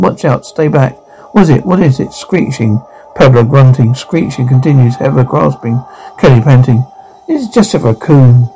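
A man reading a horror show's captions aloud, sound cues included, in an even, uninflected way with brief stumbles. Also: mid-range voice, creaky, poor audio.

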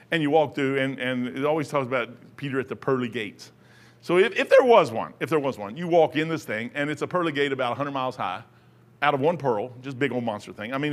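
A man's voice: on the high side, fairly bright tone. Folksy, emphatic man preaching. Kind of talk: sermon.

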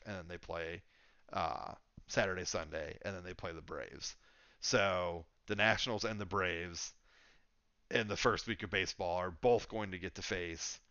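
Low-voiced man rambling about sports. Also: bright, forceful tone, clear, resonant tone, dry recording, lo-fi sound. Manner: rambling, thinks aloud with many fillers. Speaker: podcast co-host. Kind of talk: casual sports chat.

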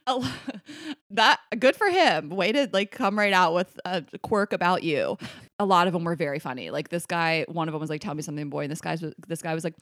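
Giggly woman podcast host reading dms out loud, lowish voice, dry close mic. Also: expressive, brisk, dry recording. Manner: giggly, breaks into high laughter. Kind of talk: casual podcast chat, reading listener texts aloud.

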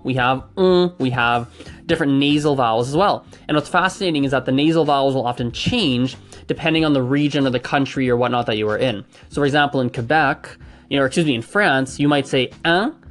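A man casually explaining pronunciation facts, chatty and hedging, trying out sounds aloud as he goes. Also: medium pitch. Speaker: language enthusiast explaining pronunciation.

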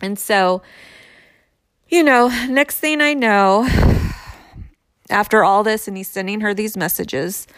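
A woman's voice: mid-range voice, slow, pauses often, a bit bright, clear, resonant tone, no room sound, studio quality. A woman in her thirties telling a personal story candidly, in a conversational way with frequent fillers.

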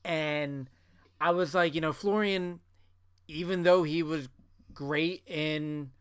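A man's voice: fairly high pitch, fairly even intonation, takes it slowly, smooth, no echo, studio quality. A man co-hosting a podcast in casual chat, talking in a loose, chatty way full of fillers. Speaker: podcast co-host.

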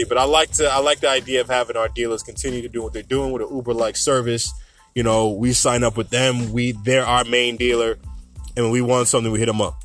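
A man's voice: medium pitch, fairly bright tone. A young man hosting a solo podcast, talking casually and rambling through his thoughts with asides. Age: young adult. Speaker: podcast host.

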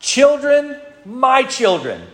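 A man's voice: very high-pitched, sing-song, takes it slowly, echoey room, pitched above the performer's own voice, exaggerated voice. A man voicing a frantic, greedy old man who cries out in anguish over what he has lost. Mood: anguished wailing.

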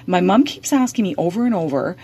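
A woman's voice: fairly low pitch, expressive, brisk, mellow, slightly rough. A woman giving practical advice on dementia caregiving, speaking hesitantly with frequent fillers and restarts. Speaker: dementia care advisor. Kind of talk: advice in a podcast conversation.

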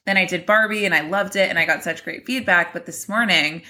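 A woman's voice: fairly low pitch, brisk, pushed and bright. A woman around thirty co-hosting a podcast, chatting casually and earnestly, saying "like" often. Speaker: podcast co-host. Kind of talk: casual chat.

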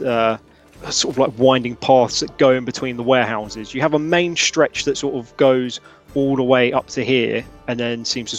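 A man narrating as game master for a tabletop game, describing with lots of hedging. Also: medium pitch.

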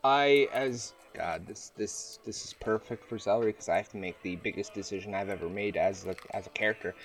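A man's voice: on the low side, a little fast, faint music behind. A man playing a tabletop role-playing game, talking in a rambling, hesitant way full of fillers and restarts. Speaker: player. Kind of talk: casual tabletop game play.

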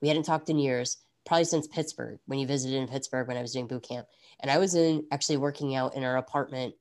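With an extremely low pitch and a fast delivery, this thirtysomething podcast host chats casually. She's animated and reflective, meandering through numerous tangents and asides.

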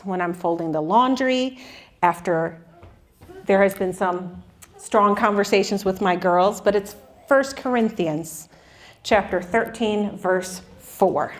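A woman in her forties speaks at a middle pitch in an earnest, candid faith talk. She mixes sincere encouragement with self-deprecating humor about her own struggles. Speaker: Christian speaker.

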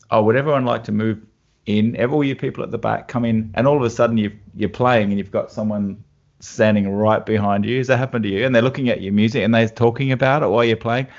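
Australian guitarist, man, low gritty voice, anecdotal, lo-fi audio. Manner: animated anecdotes with laughs. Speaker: guest guitarist. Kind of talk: casual storytelling chat. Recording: dull lo-fi sound.

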